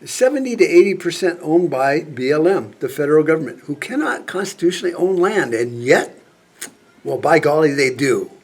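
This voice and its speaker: A man's voice: fairly high pitch, expressive, normal speed, breathy edge. A man vlogging a profane political rant, angry and sarcastic, swearing constantly. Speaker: prepper vlogger.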